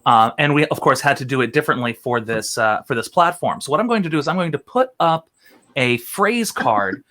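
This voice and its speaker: A man from Philadelphia co-hosts a casual online chat, his voice bright and forward. He talks in long, rambling stretches with plenty of laughs as he explains the rules of a game. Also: medium pitch, lively intonation, a little fast. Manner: chatty and rambling, laughs often. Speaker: co-host.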